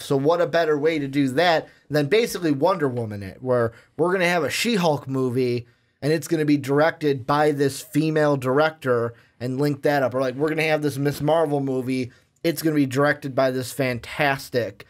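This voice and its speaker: A man's voice: on the high side, normal speed. Chatty man co-hosting a podcast. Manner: chatty, speculative, talks in long run-on stretches. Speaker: podcast co-host. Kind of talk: casual chat.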